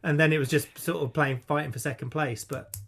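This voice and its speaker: A man's voice: a little high, steady tone, fairly quick, gravelly, fairly bright tone, husky. A man co-hosting a podcast in casual chat, chatty and self-deprecating, often restarting his sentences. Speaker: podcast co-host.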